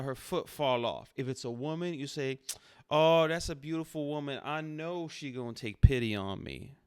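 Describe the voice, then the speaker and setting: A man's voice: a little high, clear, resonant tone, no room sound, clean studio sound, voice pushed up, lightly acted. A man voicing a streetwise adult male panhandler who talks in bossy street slang, coaching a newcomer.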